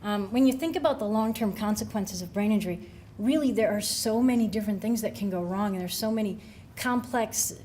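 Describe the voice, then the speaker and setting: A woman's voice: mid-range voice, a little fast, darkish tone, a little hiss or hum. A middle-aged woman, a brain injury researcher, giving a conversational talk to coaches with plenty of fillers and restarts. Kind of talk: conference talk.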